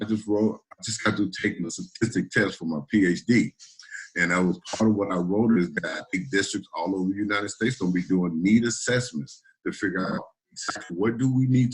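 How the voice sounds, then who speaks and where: A man's voice: sits low, a little hiss or hum, low-quality recording. A man, a middle school principal, talking earnestly and informally in a panel discussion over a video call, often repeating words as he goes.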